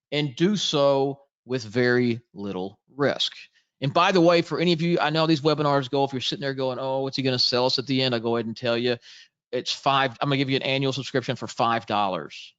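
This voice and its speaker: A man's voice: a little high, fairly bright tone, dull audio. A man presenting a live trading webinar, chatty and jokey, greeting viewers in the chat as he goes.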